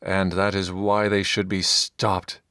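A fanatical paladin holds forth with booming self-righteous zeal, as a male narrator puts him on. The voice sits low and carries clean and close with no room around it. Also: little pitch movement, takes it slowly, pushed and bright, no echo, full character voice. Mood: zealous. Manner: proclaiming, zealous, commanding.

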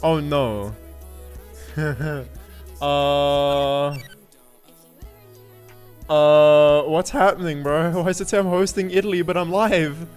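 A man streaming live in casual chat, greeting viewers by name and laughing often as he swings from loud yelps to mumbles. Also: on the high side, fairly even intonation, slow pace, long pauses, smooth. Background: faint looping music.

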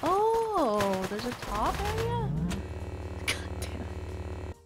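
A woman's voice: medium pitch, expressive, unhurried, over loud music. A woman streaming a video game, joking around with theatrical mock pleading and giggles. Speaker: gaming streamer. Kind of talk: playful let's-play commentary.

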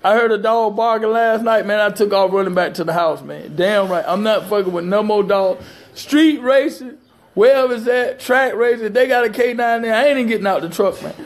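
A man's voice: high-pitched, a little fast. A man telling a story to a phone camera, emphatic and profane, laughing often. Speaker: storyteller recounting a police dog bite.

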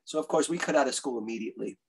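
A man's voice: mid-range voice, very fast, vocal fry, slightly rough, rough recording. A man, telling stories eagerly as a guest author in a casual interview. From Bronx, New York. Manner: animated, eager storyteller who acts out quotes.

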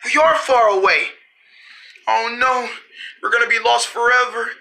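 A cartoon creator voicing every character in a family road-trip cartoon, with frequent shouting and screams. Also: mid-range voice, moderate pace, vocal fry. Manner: shouting and screaming often, animated. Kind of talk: one-person cartoon dialogue.

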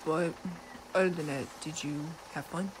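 A woman's voice: low-pitched, fairly even intonation, normal speed, background noise, close to an everyday voice. Killua, as a woman voices him, laid-back. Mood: gentle. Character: Killua, a cool teenage boy, easygoing and teasing. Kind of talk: fan role-play.

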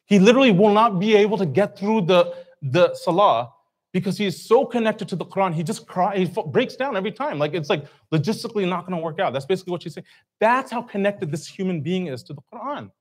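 A man's voice: high voice, lively intonation, fairly quick. A man giving an informal religious talk to a live audience, conversational, asking the crowd questions and acting out reactions. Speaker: speaker at a community talk. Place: event hall.

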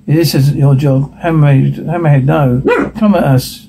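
A man reading a show transcript in a dark voice. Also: on the high side, unhurried, gravelly, slight background noise, low-quality recording. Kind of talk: reading a TV episode transcript with sound cues.

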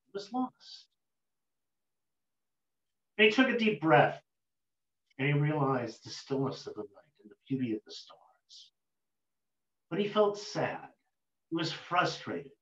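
A man's voice: on the high side, sing-song, slow pace, long pauses, a bit bright. Male storyteller, roomy lo-fi sound. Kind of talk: oral folk-tale storytelling. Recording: roomy dull lo-fi recording.

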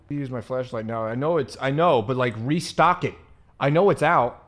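A young man giving excitable, swear-filled let's play commentary on a horror game, yelping and shouting at scares. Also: mid-range voice, moderate pace. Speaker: gamer.

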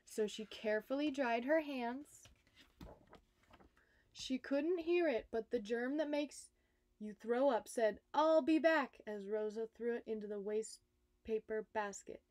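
A woman, a nurse, reading a children's picture book aloud, expressive and speaking directly to young listeners. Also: on the high side, measured pace, no room sound. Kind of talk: storybook read-aloud for children.

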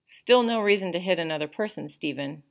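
A woman's voice: fairly low pitch, lively intonation, vocal fry. Woman reading a strict school principal. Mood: stern. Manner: measured, formal reproach.

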